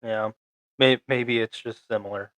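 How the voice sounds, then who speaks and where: A young man co-hosting a podcast, recapping a show in a halting, rambling way full of fillers and restarts. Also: lowish voice, steady tone, fairly bright tone, dry recording. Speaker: podcast co-host.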